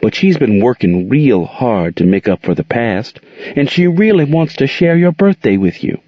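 A man voicing a patient older aunt who is raising her nephew and speaks to him softly and soothingly. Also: mid-range voice, big pitch swings, moderate pace, dry recording, pitched above the performer's own voice. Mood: gentle. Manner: soft, soothing, calls him child. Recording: dull lo-fi recording.

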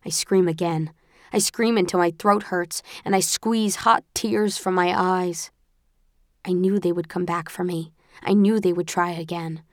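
A woman narrating a first-person audiobook with a tense, expressive storytelling manner. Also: on the low side, measured pace, no room sound, clean studio sound.

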